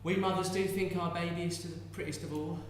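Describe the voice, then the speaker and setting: A man's voice: sits high, fairly even intonation, brisk, slight background noise, lightly acted. A man performing a distraught young peasant mother clinging to her baby, in a tender, cooing and fervent stage monologue. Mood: confiding. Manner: tender, cooing and fervent, bursting into shouted curses. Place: large theatre hall. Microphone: distant stage mic. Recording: echoey hall from far off.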